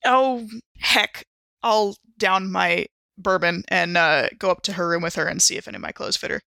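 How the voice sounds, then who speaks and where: A woman's voice: lowish voice, steady tone, a little fast, gravelly, pushed and bright, no room sound, studio quality. A woman playing her character in an actual-play game, chatty and playful. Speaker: player.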